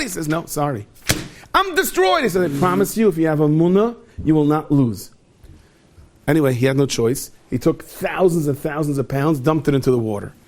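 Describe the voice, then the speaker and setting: Man, rabbi, storytelling sermon, voices his characters, repeats words, fairly high pitch. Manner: animated, swings into high pleading voices for quoted characters; repeats words and restarts when caught up in a story. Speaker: rabbi giving a holiday talk.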